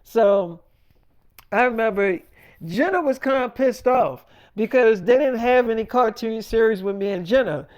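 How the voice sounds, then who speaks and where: A man's voice: very high-pitched, measured pace, darkish tone. A man telling an improvised story in a casual, profane, rambling way and acting out the voices of the people in it.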